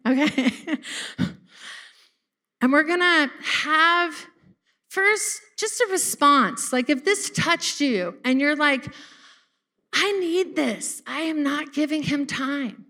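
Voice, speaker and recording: Speaking high and slowly, this woman sounds animated, pushed, and bright. She preaches a relaxed, chatty sermon at church, laughing and talking straight to the congregation while frequently checking whether they caught that.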